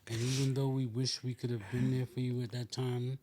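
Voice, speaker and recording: A man hosting a podcast, speaking calmly and reassuringly, with short affirmations. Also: medium pitch, fairly quick. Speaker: podcast host. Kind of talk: casual chat.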